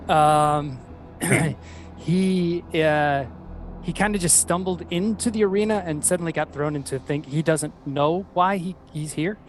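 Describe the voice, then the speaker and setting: A man's voice: a little high, a little hiss or hum. A man playing a tabletop game who introduces his character hesitantly, with "um" and "uh". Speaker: player.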